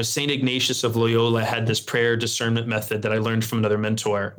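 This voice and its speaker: Earnest man telling a story. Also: mid-range voice. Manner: earnest storytelling, relaxed fillers. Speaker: lead pastor, guest. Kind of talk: conversational interview.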